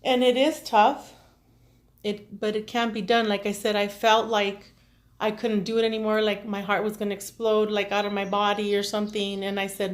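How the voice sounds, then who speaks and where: A woman with children, speaking to her viewers in an emotional, halting personal monologue as a tarot reader, tearful at times. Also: medium pitch, little pitch movement. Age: adult with children. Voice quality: earnest, halting, with many restarts and fillers. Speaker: tarot reader and self-care vlogger.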